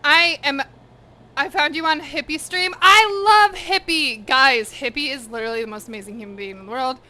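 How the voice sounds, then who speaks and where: A woman eats through her cooking live stream in a home kitchen, chatting casually and directly with viewers, dropping swear words freely and at times talking mid-chew. Her high voice sounds pushed and bright, briskly paced with fairly even intonation.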